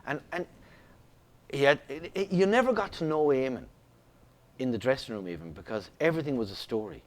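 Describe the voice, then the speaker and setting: Middle-aged Irish actor, chatty guest, animated and rambling. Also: male voice, mid-range voice, brisk. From Ireland. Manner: animated storyteller, many restarts. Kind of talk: casual interview chat.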